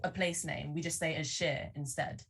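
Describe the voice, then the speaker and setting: A young woman chats casually as a podcast guest. Her voice sits a touch low and often breaks into laughter. She sounds slightly distant from the microphone. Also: steady tone, brisk, fairly bright tone, slightly rough. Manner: chatty, laughs often, trails off and restarts.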